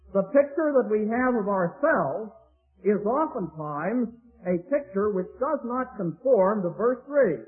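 A man preaching a sermon in a measured, anecdotal way, slowing down to stress key phrases. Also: sits high. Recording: tinny phone-like archival recording.

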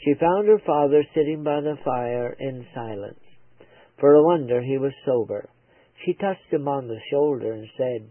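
A male preacher tells a moral story in a slow, earnest, sometimes halting way. His voice is husky. The sound is dry and phone-thin, like an old radio broadcast. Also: medium pitch, no echo, phone-quality sound.

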